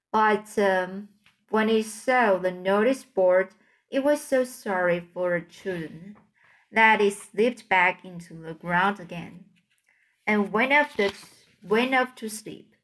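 A woman reads a fairy tale aloud at a slow, careful pace. She trips over hard names and restarts her phrases, correcting herself as she goes. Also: mid-range voice. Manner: slow, halting, with slips and self-corrections. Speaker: audiobook reader.

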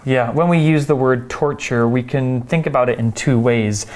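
A man teaching English vocabulary, explaining words slowly and carefully with example sentences. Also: medium pitch, a little mellow. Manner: slow, careful, clear explanations.

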